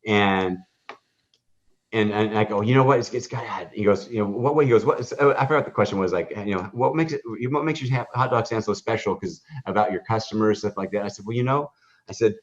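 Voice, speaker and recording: A man with a fairly low, quick voice, a hot dog stand owner appearing as a guest on a podcast, tells a rambling story full of fillers and restarts, acting out the dialogue. The podcast audio is dull and lo-fi.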